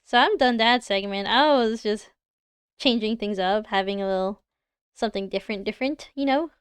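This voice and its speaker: A woman's voice: mid-range voice, normal speed, clean tone, dry recording. A young woman with a Canadian accent, chatting casually and giggling as she reacts to viewers on a livestream. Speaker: livestreamer reviewing design work.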